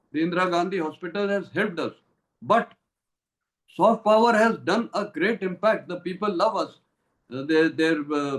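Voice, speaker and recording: An older man with an Indian English accent speaks with a fairly high voice in an interview. He talks emphatically, like the retired general he is, with lots of "uh" fillers and quick slips into Hindi. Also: a bit bright, rough recording. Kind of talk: impassioned interview answers.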